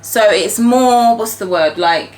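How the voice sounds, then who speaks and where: A woman's voice: medium pitch, slow, rough recording. A British woman in her thirties, a mother chatting casually in her home kitchen for a family vlog, teasing and talking through what she is doing. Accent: British English. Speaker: mother, vlogger.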